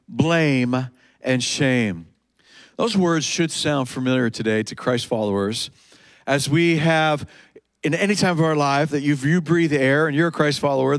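A man preaching a sermon in a church service, emphatic, repeating key words and slowing down for quoted scripture. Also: on the high side, no echo. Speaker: pastor.

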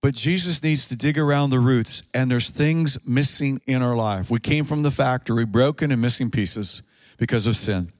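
A man preaching a sermon, moving between quick spoken stretches, slow drawn-out phrases and sudden shouted peaks. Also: mid-range voice, dry recording. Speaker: pastor.

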